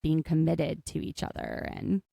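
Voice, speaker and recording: Brief: woman co-host, low gravelly voice, chatty and jokey, dry close sound. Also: flat delivery, no room sound, dull audio. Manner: chatty, jokey, quick asides. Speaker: podcast co-host. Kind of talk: casual recap chat.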